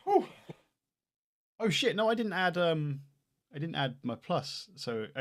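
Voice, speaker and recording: A man playing a tabletop game, animated and joking, often talking over himself. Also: on the high side, normal speed, long pauses. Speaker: player. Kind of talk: casual chat during a tabletop game.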